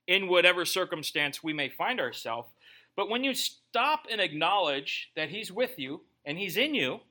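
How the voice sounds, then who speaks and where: A man's voice: sits high, pushed and bright. A man preaching a sermon in a conversational way, with joking asides. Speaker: pastor.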